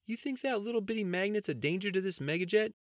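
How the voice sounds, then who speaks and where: A brash young rural cousin who whines high and loud, cackling at his own jokes, voiced by a man in a storybook reading. He argues stubbornly and never lets a point drop. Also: animated, quick pace, no room sound, clean studio sound. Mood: argumentative. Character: rowdy young male country cousin Andy.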